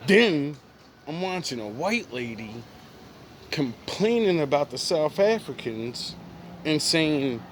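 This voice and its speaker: A man's voice: fairly high pitch, slow, a little hiss or hum. A man ranting casually to camera in profane slang, laughing often between lines and sounding amused and mocking. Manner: animated, mocking. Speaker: vlogger.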